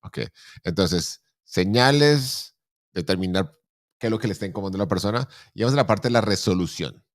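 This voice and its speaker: A middle-aged man hosts a chat show with a very low voice and a quick, rolling delivery. He asks questions and stumbles over repeated words while he thinks. The sound is close and dry. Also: expressive, no echo. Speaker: show host. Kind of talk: conversational interview in Spanish.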